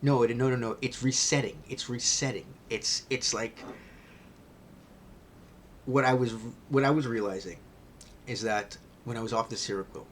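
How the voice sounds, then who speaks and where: A man telling a candid personal vlog story, rambling with many restarts and often dropping to a hushed near-whisper. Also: medium pitch, steady tone, moderate pace, pauses often, slight background noise.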